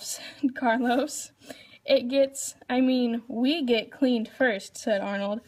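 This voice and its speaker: A woman's voice: fairly high pitch, steady tone, takes it slowly, darkish tone. A woman reading a children's storybook aloud, lifting her voice for the characters' lines. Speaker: reader.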